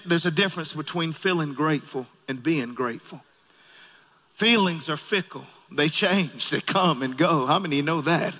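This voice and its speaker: A man preaching a sermon in a church, calling out to the congregation and rising to shouts. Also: high voice, in a large hall. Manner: calls out to congregation, rises to shouting. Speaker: pastor. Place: church sanctuary.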